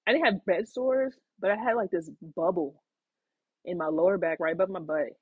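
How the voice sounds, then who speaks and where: Woman host, loose chatty monologue full of fillers and restarts; breathy tone, close and dull. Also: fairly low pitch, moderate pace, no echo. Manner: rambling, frequent fillers and restarts, acts out quotes. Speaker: podcast host. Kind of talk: casual storytelling monologue.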